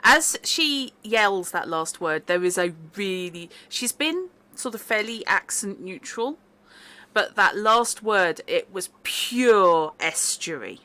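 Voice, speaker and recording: A woman's voice: medium pitch, lively intonation, slow, sharp tone. A woman from England narrating and explaining as game master of a tabletop horror game, in chatty explanations.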